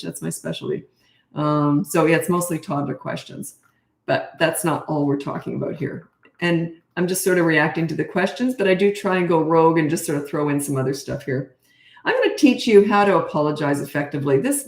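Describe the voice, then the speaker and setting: Speaking with vocal fry in a fairly low voice, a middle-aged parenting coach offers confident, no-nonsense advice during an informal live stream, performing the lines she quotes. The recording has an echoey room sound.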